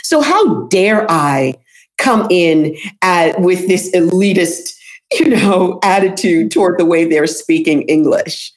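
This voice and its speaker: A woman's voice: fairly low pitch, lively intonation, slow pace. A woman with a New York accent, a voice and accent coach and author, talking passionately as an interview guest and repeating points for emphasis. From New York City. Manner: emphatic, repeats herself for stress.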